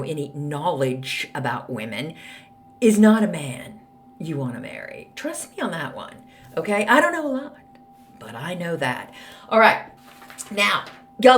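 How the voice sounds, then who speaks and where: An older woman with a drawl hosts her own podcast and talks straight to her listeners. Her pitch swoops up and down a great deal, and she sounds blunt, chatty and full of sass as she hands out advice. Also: a bit bright. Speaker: podcast host. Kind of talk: casual solo podcast monologue.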